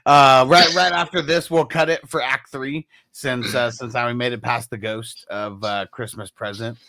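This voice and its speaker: Man, podcast co-host, hesitant casual talk, bright voice, dry close sound. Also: mid-range voice, fairly even intonation, moderate pace, dry recording. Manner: hesitant, filler-heavy.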